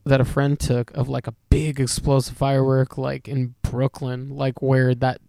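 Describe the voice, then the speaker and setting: A man's voice: medium pitch, flat delivery, normal speed, creaky, dark tone, dry recording, clean studio sound. A man, a musician, chatting casually on a podcast, rambling with many fillers and frequent laughs. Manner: rambling, lots of "like", laughs often. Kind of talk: casual chat.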